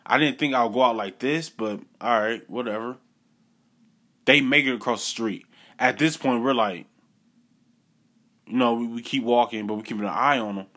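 A young man telling a personal story in a casual, animated way, repeating phrases for effect and acting out what people said. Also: medium pitch, normal speed, pauses often.

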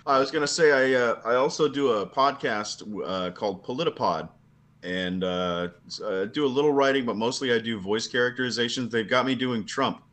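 A man chatting casually on a video call, jokey and rambling, quick to laugh. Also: medium pitch, fairly bright tone. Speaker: podcast guest.

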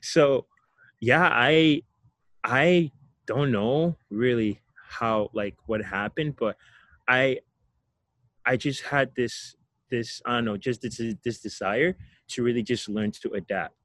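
Young adult male guest from Ghana; reflective, laughs often, repeats words, average pitch, dry recording. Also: slow pace, a bit bright, dry recording. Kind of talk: casual storytelling interview.

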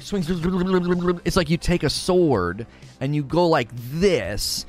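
A man hosts a laid-back gaming live stream, joking and ranting with a lively voice that leaps up and down. His voice sits a bit high for a man. Faint music plays under him. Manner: animated, jokey, swings between loud bursts and mutters. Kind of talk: casual live-stream chat.

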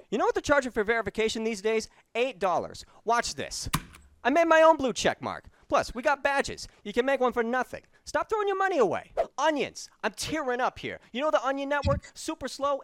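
Guy doing a loud new york infomercial pitchman, high pitched, swoopy, bit of noise behind. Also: full character voice. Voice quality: brash, fast-talking sales patter. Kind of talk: parody infomercial.

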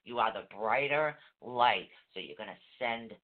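A man's voice: medium pitch, a little slow. Casting: emphatic male meditation teacher, tinny phone-line sound. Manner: animated, emphatic, repeats key phrases. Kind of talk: casual teaching chat.

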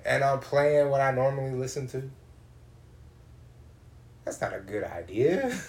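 A man spins a profane, comic story. He is animated and acts out the people he runs into. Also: mid-range voice, unhurried, creaky. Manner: animated, swears a lot, acts out voices.

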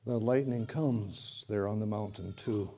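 A man preaching a sermon, dramatic and swinging from loud to hushed, often repeating words. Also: fairly low pitch, measured pace.

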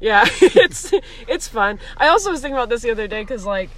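Guesting on a podcast, this young comedian from around Columbus, Ohio rambles in a giggly, casual way, packing her talk with "like" and laughing frequently. Her bright voice is a little high and a little fast, with big swings in pitch.

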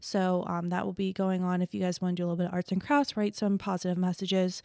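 A woman's voice: lowish voice, little pitch movement, fast, gravelly, darkish tone, no room sound, clean studio sound. Chatty woman reading campus announcements. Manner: chatty, reads event listings with fillers. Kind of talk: casual chat.

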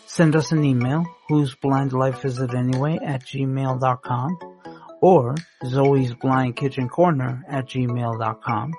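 A man reading a scripted show introduction in a measured, informational delivery. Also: medium pitch, darkish tone. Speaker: announcer introducing the host. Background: background music.

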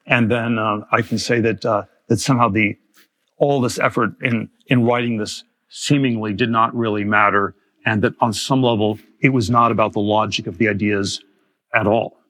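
Halting man giving a lecture. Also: fairly low pitch, steady tone, fairly bright tone. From Germany. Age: 50s. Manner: halting, with frequent restarts and repeated words. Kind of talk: public lecture. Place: lecture hall.

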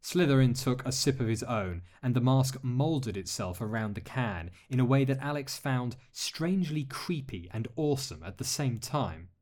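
A man narrating a story aloud as an audiobook reader, steady and expressive. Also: mid-range voice, moderate pace, few pauses. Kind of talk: audiobook reading of fan fiction.

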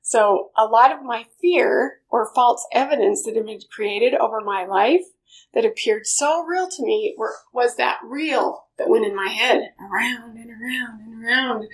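Woman, high voice, middle-aged, emotional storyteller, personal testimony. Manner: emotional storytelling, swings into loud high outbursts. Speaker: speaker sharing a personal story.

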